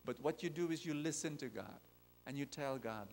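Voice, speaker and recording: A man preaching a sermon, animated and repetitive, putting direct questions to the audience. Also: medium pitch, normal speed, slight background noise. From Philippines. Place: large convention hall. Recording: long reverb of a large hall.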